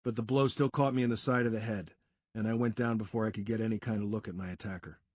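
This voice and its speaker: A man reading a first-person crime story aloud in a steady storytelling delivery. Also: fairly low pitch, fast talker, no room sound, muffled recording. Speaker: audiobook narrator. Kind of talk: first-person scripted narration.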